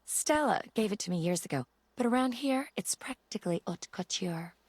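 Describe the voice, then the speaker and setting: Smug glamorous housewife, breathy and bouncy, dry recording. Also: female voice, mid-range voice, expressive, moderate pace, darkish tone, dry recording. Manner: boastful, smug. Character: glamorous vain former fashion model housewife. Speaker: video game character.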